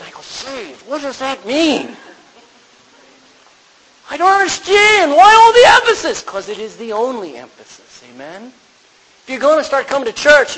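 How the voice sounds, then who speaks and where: A man's voice: sits high, fairly bright tone, poor audio. A man preaching a sermon as pastor, often asking his congregation "Amen?" as he goes. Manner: preaching with frequent call-and-response "Amen?". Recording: faint hiss.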